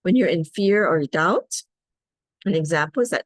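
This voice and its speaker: A middle-aged woman with a lowish voice leads a guided self-care practice in a soft, coaxing way. She checks in with her listeners often. Her voice sounds close and dry. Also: animated, normal speed, no room sound. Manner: gentle, coaxing, asks "right?" often. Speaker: wellness facilitator.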